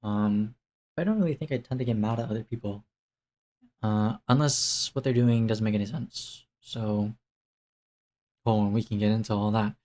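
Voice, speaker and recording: A man's voice: fairly low pitch, moderate pace, long pauses, a little mellow. A young man talking through a casual life update to the camera, rambling with lots of fillers and restarts. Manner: rambling, self-interrupting, many fillers and restarts. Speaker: vlogger.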